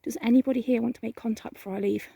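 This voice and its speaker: A woman's voice: a little high, fairly even intonation, rapid-fire, gravelly, warm tone, breathy edge, no room sound, studio quality. A woman vlogging a night ghost hunt in a cemetery, often whispering and calling out to spirits. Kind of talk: hushed vlog narration.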